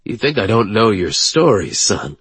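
A man voicing a weary, kindly older male rebel leader who speaks in a gentle, fatherly, quietly wounded way. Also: on the low side, big pitch swings, moderate pace, breathy edge, no echo, exaggerated voice. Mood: earnest.

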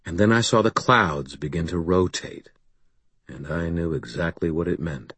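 Guy narrating a fantasy audiobook, real low voice, slow and deliberate, dry close sound. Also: a bit bright, slightly rough, dry recording. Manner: measured, deliberate storytelling delivery.

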